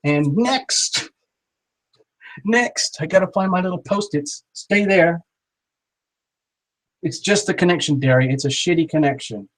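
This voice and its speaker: Brief: male tarot reader on a live stream, encouraging and chatty, slightly higher voice. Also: unhurried, pauses often. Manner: warm, encouraging, chatty, with playful exaggerated voices. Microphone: small built-in camera mic. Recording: small camera on a poor live-stream connection.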